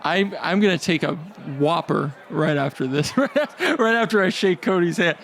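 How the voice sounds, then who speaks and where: A man doing a rambling, crude stand-up comedy set on a club stage, halting with fillers and restarts. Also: high voice, animated, creaky, a bit bright.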